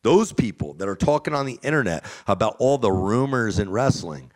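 A man talking as a podcast guest, emphatic and profane, swinging between loud outbursts and low mutters. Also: big pitch swings, fairly quick, hardly any pauses. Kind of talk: casual podcast chat.

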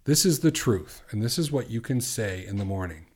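A middle-aged man hosting a podcast as a recovery coach, asking earnest questions and slowing down to repeat affirmations. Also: lowish voice, lively intonation, a little mellow, husky. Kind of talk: coaching monologue.

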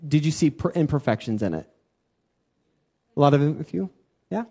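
A man's voice: fairly high pitch, expressive, a little fast, dark tone. A man teaching at church in an informal sermon style. He talks conversationally, repeats key words for emphasis and puts questions to his listeners.

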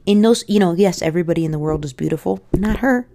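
A young woman comedian with a low, gravelly voice tells frank, crude stories on stage. She rambles through asides and stops to correct herself as she goes. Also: rapid-fire, dark tone. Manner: rambling, candid, crude, with self-interrupting asides. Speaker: stand-up comedian. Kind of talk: stand-up storytelling.

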